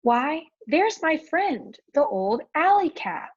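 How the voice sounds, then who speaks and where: A woman voicing an eager, brave young boy in a storybook reading, earnest and often hushed. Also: high voice, very animated, takes it slowly, lo-fi sound, voice pushed up, full character voice.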